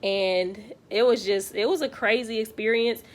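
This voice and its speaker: Young woman vlogger, casual storytime, candid and profane, slightly high voice. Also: measured pace. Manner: candid, swears freely, many fillers.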